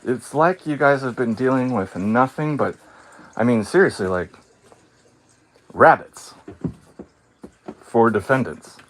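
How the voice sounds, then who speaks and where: A man talking on his live stream in a casual rant, sarcastic and mocking, often laughing, swinging between calm and heated. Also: mid-range voice, normal speed, a little hiss or hum. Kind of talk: casual ranting monologue.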